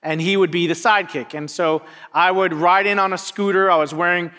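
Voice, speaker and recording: Bright-voiced man preaching in an echoing church. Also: brisk. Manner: animated storyteller, voice rising high for the climax. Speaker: pastor. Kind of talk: storytelling sermon. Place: church sanctuary. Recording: long reverb of a church hall.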